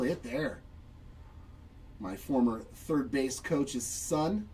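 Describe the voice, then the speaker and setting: A man's voice: fairly high pitch, expressive, unhurried, husky, recorded from a distance, low-quality recording. A man hosting a live trading card break, chatting upbeat and reacting to each pull while answering viewers.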